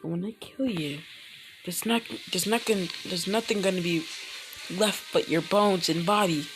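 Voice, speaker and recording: A woman voicing a young, devoted male ninja hero, talking low and soft, with food sizzling in a pan behind her. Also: moderate pace, music in the background, close to an everyday voice, poor audio. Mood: angry.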